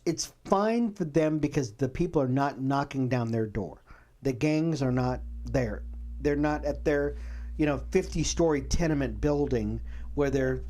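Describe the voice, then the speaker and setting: A man co-hosting a faith and culture talk show, chatting casually and acting out other people's words, with frequent restarts. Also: mid-range voice. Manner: animated, acts out quotes, many restarts. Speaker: co-host. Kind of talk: casual chat about faith and current events.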